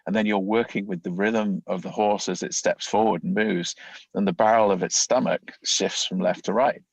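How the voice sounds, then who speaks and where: A man's voice: lowish voice, steady tone, moderate pace, creaky, slightly rough, no room sound, rough recording. A man, a leadership coach, explaining ideas in a conversational interview, often acting out inner thoughts as quoted voices.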